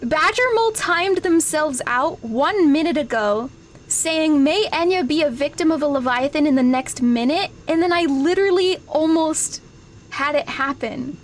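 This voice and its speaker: A woman's voice: sits high, animated, moderate pace, slight background noise. A woman streaming a game, chatting casually and laughing constantly, breaking into shrieks when startled. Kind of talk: casual live-stream gaming chat.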